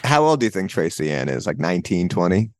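A man's voice: sits low, sing-song, fast talker, no echo, studio quality. A man appearing as a comedian guest on a podcast, riffing absurdly and laughing often. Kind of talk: casual comedic chat.

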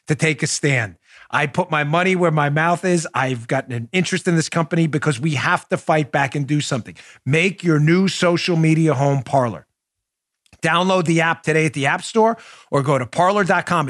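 A middle-aged man hosting a podcast, giving mocking, animated political commentary with loud outbursts. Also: fairly high pitch. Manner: mocking, loud outbursts, mock-theatrical recitation. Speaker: podcast host.

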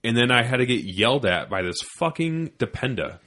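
A man's voice: mid-range voice, sing-song, a little fast, pushed and bright. A man in his thirties, a former Army sergeant, telling a heated, profane story in casual podcast chat. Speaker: podcast co-host.

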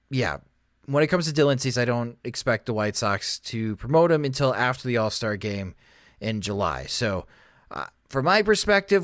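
A man's voice: mid-range voice, no room sound. Man hosting a dry sports chat. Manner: brisk, stat-heavy, addresses co-host. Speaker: podcast host. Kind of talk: casual sports talk.

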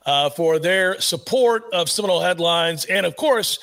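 A man co-hosting a sports podcast in a high, lively voice. He jokes with the others and puffs up his sponsor talk in mock-grand style. He stays playful and quick to tease. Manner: animated, joking, mock-grandiose. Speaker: podcast co-host. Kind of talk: casual sports podcast chat.

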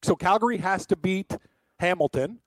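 A man co-hosting a sports betting radio show, jokey and animated, laughing often. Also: sits high, moderate pace, no echo. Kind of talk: casual sports betting chat.

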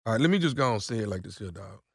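A man's voice: fairly low pitch, animated, breathy edge, no room sound, studio quality. Stammering man making a prank call. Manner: hesitant, stammering, drawn-out. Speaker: radio prank caller.

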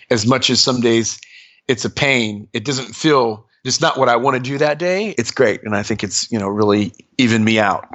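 A man being interviewed, telling stories in a casual, animated way with lots of fillers and sudden jumps in pitch. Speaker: interview guest. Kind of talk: casual storytelling.

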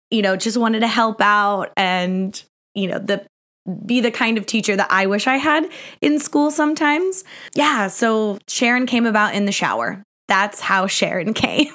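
A woman's voice: mid-range voice, a bit bright. A young adult woman hosting a history podcast, answering listener questions in a casual, chatty way, laughing often and poking fun at herself. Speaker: podcast host. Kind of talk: casual Q&A chat.

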